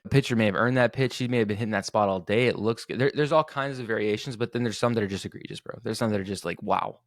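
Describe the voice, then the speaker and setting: A man's voice: on the low side, quick pace, no echo, studio quality. A young man hosting a podcast, ranting casually and profanely with lots of restarts and self-corrections. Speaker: podcast host. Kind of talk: casual rant.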